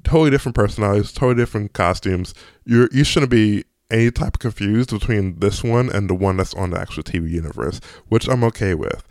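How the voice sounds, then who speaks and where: Excitable chatty man reviewing a movie. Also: on the low side, fast, dry recording, clean studio sound. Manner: excitable, chatty, frequent ums and restarts. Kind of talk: casual video review.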